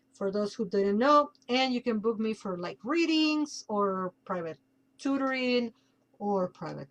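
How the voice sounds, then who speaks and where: A woman's voice: medium pitch, low-quality recording. A woman podcast host with a Mexican accent, chatting casually and plugging her work with playful asides.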